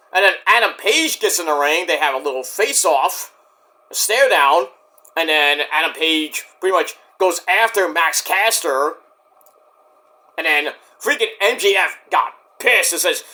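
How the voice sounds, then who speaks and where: Excitable, animated young man recapping wrestling. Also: fairly high pitch, a little slow. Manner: profane, excitable, acts out quotes. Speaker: wrestling reviewer. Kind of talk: casual show recap with impressions.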